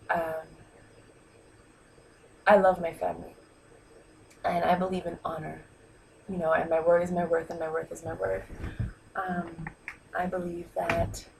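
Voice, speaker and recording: A woman's voice: lowish voice, gravelly, slight background noise, low-quality recording. A woman talking heartfelt and rambling in a personal vlog, holding back tears. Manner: heartfelt, rambling, many ums and you-knows. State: close to tears. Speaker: vlogger. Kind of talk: emotional personal vlog monologue. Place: New York.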